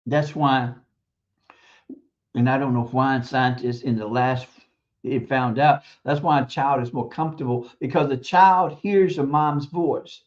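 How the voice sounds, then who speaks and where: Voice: medium pitch, steady tone, unhurried, lo-fi sound. Emphatic, preachy parenting talk on stream. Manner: emphatic, repeats words, preachy, chuckles between points. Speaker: stream host; teacher. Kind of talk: casual advice monologue on parenting.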